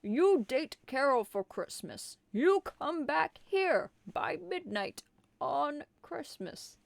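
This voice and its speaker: A woman voicing a blunt, booming old Santa in a comic storybook reading. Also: sing-song, slow pace, gravelly, dry recording, full character voice. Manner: booming, broken English.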